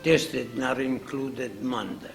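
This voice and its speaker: A man, telling an unhurried, folksy story from his working life in an interview. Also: mid-range voice, steady tone, vocal fry, soft background music. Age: 90s. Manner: unhurried, repeats himself, folksy phrasing. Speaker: interviewee, accordion builder. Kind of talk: reminiscing storytelling.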